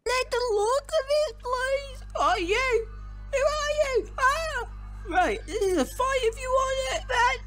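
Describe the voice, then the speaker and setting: A woman's voice: very high voice, animated, slow, a bit bright, faint music behind, heavily acted. A woman voicing a tearful young woman in an amateur game roleplay. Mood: tearful, defiant.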